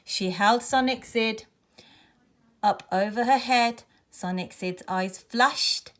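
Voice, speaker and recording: A woman reading a children's story aloud in a clear, expressive way. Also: fairly high pitch, slow.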